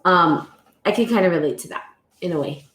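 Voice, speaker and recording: A woman's voice: on the low side, a little fast, fairly bright tone, a little hiss or hum. A woman hosting a live stream, talking reflectively and reassuringly with frequent fillers, reading passages aloud and greeting viewers. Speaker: podcast host. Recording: echoey room.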